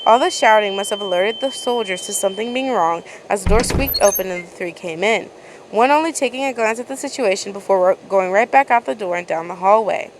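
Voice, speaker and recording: A woman's voice: mid-range voice, fairly quick, a little hiss or hum, poor audio. A woman with a mid-range voice reads a second-person story aloud in a casual, unpolished way. She often trips over words and goes back to fix them. Her delivery sounds homemade rather than performed. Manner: casual reading, frequent stumbles and restarts. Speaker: fan fiction reader.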